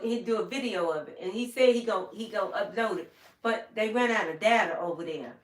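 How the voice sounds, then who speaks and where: A woman's voice: mid-range voice, recorded from a distance. An older woman hosting a casual live stream from home, rambling through stories and acting out what people told her. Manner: rambling, storytelling, acts out quoted people. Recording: roomy sound, away from the mic.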